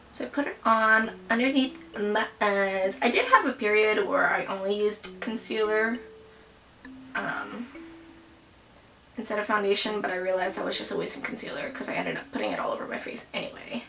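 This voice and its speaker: A woman's voice: medium pitch, creaky, sharp tone. A young woman casually talking through her everyday makeup routine, chatty and rambling, full of self-mocking asides. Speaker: beauty vlogger. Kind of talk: casual makeup tutorial chat.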